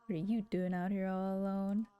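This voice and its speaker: A woman's voice: medium pitch, flat delivery, normal speed, warm tone, clean tone, no room sound, highs cut off, close to an everyday voice. A woman voicing a peppy, determined young foreign woman who talks earnestly and stammers when flustered.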